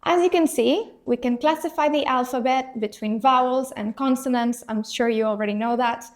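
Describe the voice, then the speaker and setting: A woman's voice: high voice, moderate pace. A woman teaching a beginner language lesson, patiently modelling each letter for the learner to repeat and reassuring them along the way. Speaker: Spanish teacher.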